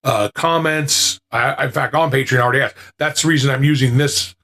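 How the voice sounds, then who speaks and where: A man's voice: medium pitch, fairly even intonation, brisk, sharp tone. A man hosting a podcast, chatting casually to listeners in a rambling way, with lots of fillers and restarts, into a podcasting mic with noise reduction. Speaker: podcast host.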